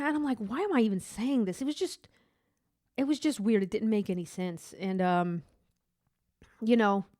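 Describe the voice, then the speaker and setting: A woman's voice: mid-range voice, a little mellow, no echo. Woman podcaster, candid testimony, rambling delivery, dry close sound, mid-range voice. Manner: rambling, candid, many restarts and fillers. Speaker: podcast host. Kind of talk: personal faith testimony.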